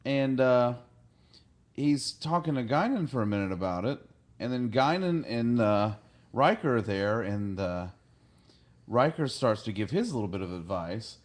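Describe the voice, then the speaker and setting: A man's voice: medium pitch, animated, measured pace. A man hosting a podcast, casually retelling an episode and acting out the characters' lines. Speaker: podcast host.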